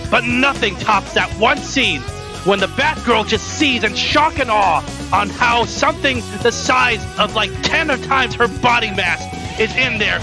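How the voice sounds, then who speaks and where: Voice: medium pitch, close to an everyday voice, low-quality recording. A performer voicing a male mad scientist in a fan reaction video, laughing often and swearing as he comments, with music in the background. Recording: music playing behind.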